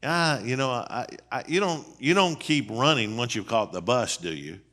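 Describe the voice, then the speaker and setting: Man, middle-aged, conversational sermon, folksy, emphatic, rhetorical questions, bright forceful voice. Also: medium pitch, moderate pace. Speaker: seminary dean teaching on marriage. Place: church.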